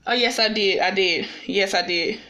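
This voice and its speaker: Woman preaching kinda casual, bright clear voice, keeps asking if you follow her. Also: mid-range voice, normal speed. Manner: conversational, checks in with listeners often; personal and confessional. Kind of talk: informal sermon.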